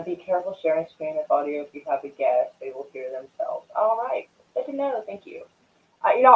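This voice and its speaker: Young woman streamer, casual rambling chat, lively swooping voice, swears freely, thin phone-like sound. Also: fairly low pitch. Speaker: livestream host. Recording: tinny phone-like audio.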